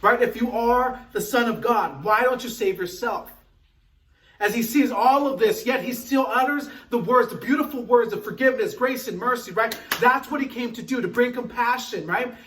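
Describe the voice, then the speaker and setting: A male pastor giving an earnest devotional sermon, quoting scripture slowly and often asking "right?". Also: extremely high pitch, a bit bright, far from the mic, rough recording.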